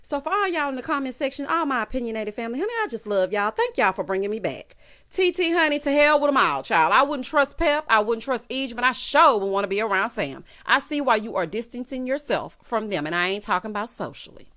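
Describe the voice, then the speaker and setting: A woman's voice: fairly high pitch, expressive, quick pace, pushed and bright. A woman giving a casual, gossipy recap of a reality show, talking straight to her viewers and calling them honey and child. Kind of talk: casual recap commentary to camera.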